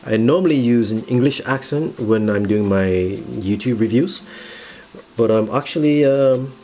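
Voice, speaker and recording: A man's voice: mid-range voice, a little slow, dark tone, a little hiss or hum. A man co-hosting a casual chat, reading out audience questions in a joking, playful way.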